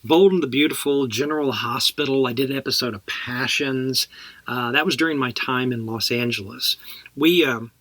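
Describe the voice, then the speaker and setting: A man's voice: medium pitch, fairly bright tone, dry recording. A middle-aged man from Texas, an actor guest telling casual stories in an interview and laughing as he goes. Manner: chatty, laughs through his stories.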